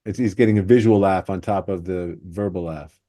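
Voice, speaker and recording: A man's voice: low-pitched, fairly even intonation, a little fast, dark tone, dry recording, studio quality. A man hosting a podcast, breaking down how jokes are built. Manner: analytical, explaining joke structure. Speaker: podcast host. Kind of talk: podcast discussion.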